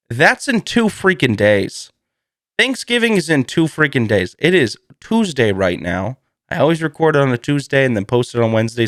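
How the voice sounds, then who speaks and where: Laughing, animated man. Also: mid-range voice, no echo, studio quality. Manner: jokey, swears freely, laughs often. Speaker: podcast host. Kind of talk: casual solo podcast chat.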